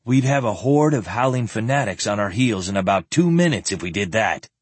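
A quiet, polite knight with a dry, ironic calm, as a man reads him aloud in a storybook. The husky low voice stays measured and courteous. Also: dry recording. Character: calm, wry male knight in disguise.

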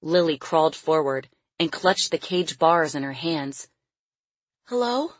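Low husky woman reading a story. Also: steady tone, a little slow, dry recording. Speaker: narrator. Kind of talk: audiobook narration.

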